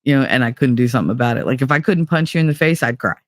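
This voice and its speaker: A woman's voice: rumbling low, expressive, very fast, no echo, clean studio sound. Blunt, salty-talking woman host. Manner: blunt, swears freely, wry self-mocking humor. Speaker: podcast host. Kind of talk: casual personal chat.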